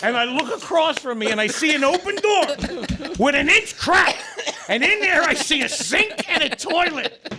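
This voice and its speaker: A man's voice: extremely high pitch, moderate pace, crowd noise. A man, a guest comedian, telling stories on a podcast, swearing and acting out the voices of people in them. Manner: animated, acts out voices, swears freely. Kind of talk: storytelling on a podcast.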